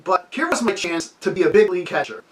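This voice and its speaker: Animated man in his sixties, quick storyteller. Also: sits high, low-quality recording. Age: 60s. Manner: animated, laughs often, acts out scenes. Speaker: amateur radio hobbyist. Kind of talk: casual storytelling. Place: home with a wood stove.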